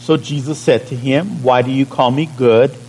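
A male pastor with a warm, steady, medium-pitched voice delivers a sermon at a moderate pace, though the audio is poor. He speaks conversationally, lengthens key words, and checks in with the congregation.

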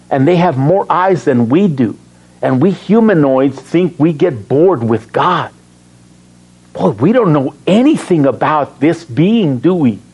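A high-voiced pastor preaches a sermon over poor audio, reading scripture and chuckling between points. Animated throughout, he asks the congregation questions and then answers them himself.

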